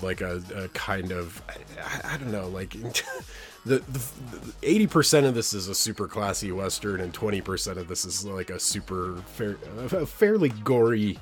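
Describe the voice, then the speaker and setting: Low voiced guy on a film podcast, stumbles over his words, swears a lot. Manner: stammering, swearing, repeats words. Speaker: podcast co-host. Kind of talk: casual film review chat.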